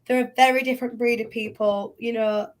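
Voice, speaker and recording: A woman's voice: fairly high pitch, steady tone, a little fast. A woman from Yorkshire with a Yorkshire accent, a guest chatting frankly and casually. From Yorkshire, northern England. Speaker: guest, psychic medium. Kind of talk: casual chat.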